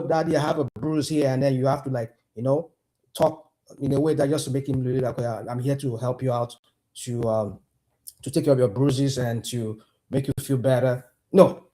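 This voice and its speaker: A man's voice: mid-range voice, warm tone. A man with a Nigerian accent giving heated, impassioned political commentary on a video call, repeating himself and firing questions at the host. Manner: impassioned, repetitive, asks pointed questions.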